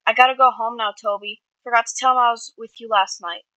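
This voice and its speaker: A woman's voice: medium pitch, a little fast, bright, forceful tone, dry recording, rough recording. A woman voicing a stubborn teenage boy vigilante who brushes off worry. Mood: defiant.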